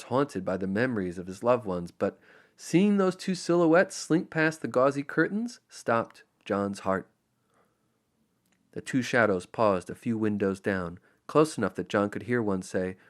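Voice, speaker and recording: A man narrating an audiobook in an expressive, storytelling manner. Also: mid-range voice. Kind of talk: scripted narration.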